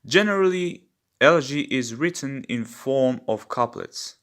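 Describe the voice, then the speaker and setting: A man teaches a poetry lesson at an unhurried pace, his voice sitting at a middle pitch. He walks through each step patiently and repeats the key terms so they stick. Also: expressive, fairly bright tone. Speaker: English literature teacher.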